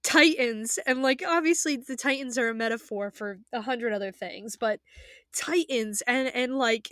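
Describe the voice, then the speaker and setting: A woman's voice: fairly high pitch, normal speed, fairly bright tone, no room sound, studio quality. A young woman in a casual, emotional rant as an anime fan, passionate and rambling, swearing freely and trailing off into fillers.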